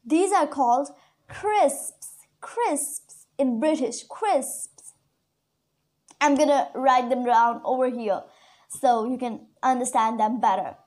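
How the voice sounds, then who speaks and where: She's a native Urdu speaker running a conversational online class on English words, saying the important ones slowly and more than once. Her pitch is high, with a slightly mellow quality.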